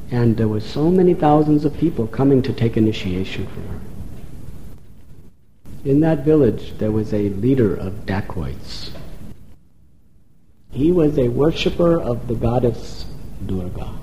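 A man's voice: medium pitch, expressive, a little slow, pauses often, dark tone, highs cut off, slight background noise. A man telling a sacred story as a preacher, dramatic and building with repetition. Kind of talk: sermon storytelling. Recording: roomy echo, faint ambience.

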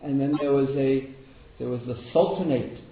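Steady in tone, medium in pitch and moderate in pace, a spiritual teacher tells stories in a devotional talk, repeating words often for emphasis. The audio sounds tinny and phone-like, captured in an echoey room with noise in the background.

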